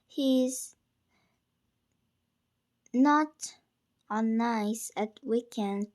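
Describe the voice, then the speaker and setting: A woman reads a first-person story aloud at a slow, careful pace. Her voice sits a little high, and she sometimes trips on a word and starts it again. The reading feels homemade rather than polished. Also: a little mellow. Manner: unpolished reading with small stumbles and restarts.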